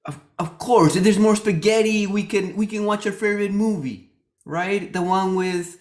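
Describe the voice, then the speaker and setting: A woman's voice: mid-range voice, normal speed, darkish tone, natural voice. A woman playing a hesitant, stammering grown son in his thirties in an improv scene. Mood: placating. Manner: hesitant, stammering, mildly protesting.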